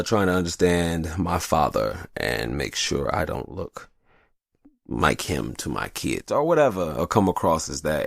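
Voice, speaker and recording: Low gravelly black dude podcasting alone, cussing, rambly, bouncy up and down delivery. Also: male voice, no room sound, clean studio sound. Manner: profane, rambling and confessional. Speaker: podcast host. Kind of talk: casual monologue. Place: hot upstairs room.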